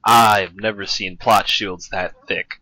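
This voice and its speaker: A young man with a low, bright, forceful voice talks comics in a loose, rambling way, stumbling over restarts and fillers. The sound is dry and close, with no room behind him. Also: steady tone, takes it slowly, dry recording, rough recording. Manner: rambling, restarts a lot, chatty. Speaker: podcast co-host. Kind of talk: casual chat.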